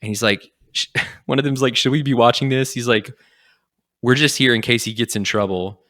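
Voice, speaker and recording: A young man hosting a podcast, casually retelling a comic story and acting out its lines in quick quotes. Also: medium pitch, a bit bright. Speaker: podcast host.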